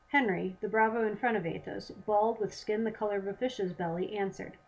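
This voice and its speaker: A woman reading aloud from her own novel in an even, measured way. Her pitch sits in a middle range. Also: low-quality recording.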